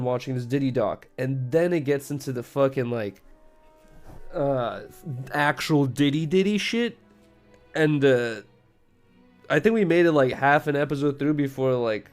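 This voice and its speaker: A man's voice: fairly high pitch, brisk, a little mellow, faint music behind. A man with an American accent chatting casually on a late-night stream, rambling and swearing and laughing easily.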